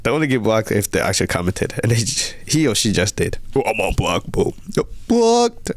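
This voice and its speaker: A man's voice: on the low side, lively intonation, a little fast, no echo. A young man hosting a casual livestream, rambling and repeating himself as he reads viewer comments aloud. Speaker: livestream host.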